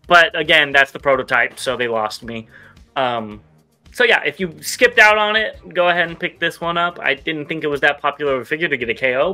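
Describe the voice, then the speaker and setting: A man co-hosting a casual toy news show, running through items with quick, relaxed asides. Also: a little high. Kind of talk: casual chat.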